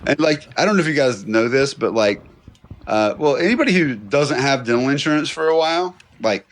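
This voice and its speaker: A man's voice: mid-range voice, expressive, brisk. A man, a comedian guest on a podcast, rambling through a story with lots of "like" in a studio. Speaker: guest comedian and history professor. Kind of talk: casual chat.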